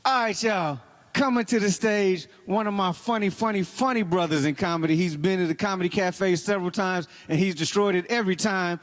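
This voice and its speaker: A man's voice: sits high, a little fast. A man hosting a comedy show, riffing a joke and then hyping the crowd to bring on the next comic. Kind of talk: hype stand-up emcee.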